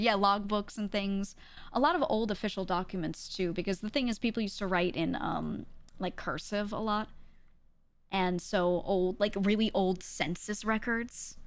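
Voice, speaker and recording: A woman streamer talks casually with her viewers in a measured, even tone and drops casual slang along the way. Her voice sits at a middling pitch. The recording is dry and close, with no room sound. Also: no room sound.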